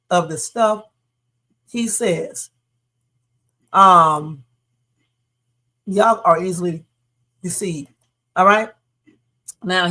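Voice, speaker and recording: A woman's voice: mid-range voice, sharp tone. Blunt, chatty woman stream host. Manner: blunt, chatty, talks straight to viewers. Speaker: live stream reaction host. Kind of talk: casual reaction commentary.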